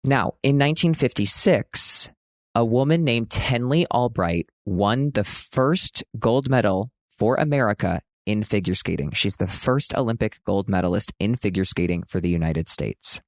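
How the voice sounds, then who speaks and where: A man's voice: lowish voice, lively intonation, moderate pace, dry recording, clean studio sound. A man in his thirties hosting a casual podcast from a hotel room, chatty and self-mocking, now and then jumping into a big dramatic announcer voice. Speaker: podcast host.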